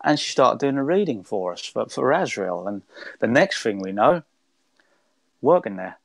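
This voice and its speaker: A man's voice: medium pitch, big pitch swings, normal speed, gravelly, no echo. A man, a guest telling a long spiritual story in a rambling, conversational way with many restarts.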